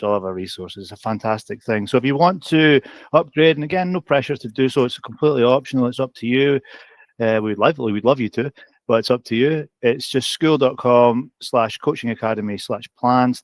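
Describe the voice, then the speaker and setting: A man's voice: mid-range voice, no room sound. A man co-hosting a casual update about a coaching community, upbeat and often turning to his co-host by name. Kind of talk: casual promotional chat.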